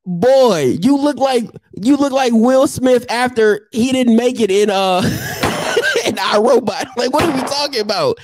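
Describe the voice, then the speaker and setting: A man's voice: very high-pitched, moderate pace, few pauses, darkish tone, dry recording. A man vlogging casual comedic roasts of his commenters, teasing and laughing often.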